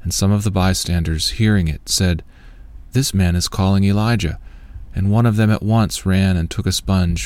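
A man reading a long scripture passage aloud in a measured, solemn way. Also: sits low, a little mellow. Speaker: scripture reader.

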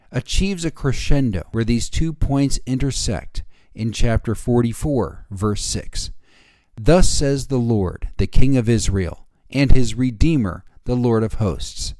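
A man hosts a daily Bible reading show with steady devotional commentary. His voice is mellow and dark, recorded close and dry. He slows down when quoting scripture. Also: mid-range voice, no echo. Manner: measured, slowing for quoted scripture. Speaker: Bible reading podcast host.

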